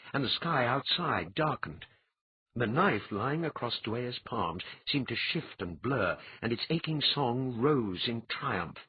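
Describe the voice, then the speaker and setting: Husky guy reading a fantasy audiobook, lively dramatic delivery, dry dull sound. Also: on the low side, dry recording. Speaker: audiobook narrator. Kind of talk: scripted fantasy narration.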